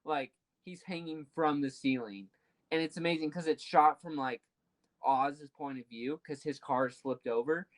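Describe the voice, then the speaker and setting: A man's voice: a little high, unhurried. A young man co-hosting a podcast, chatting casually and enthusiastically while steering the conversation to new topics. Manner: enthusiastic, leads the topics, hums music to illustrate. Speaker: podcast co-host. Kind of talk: casual chat.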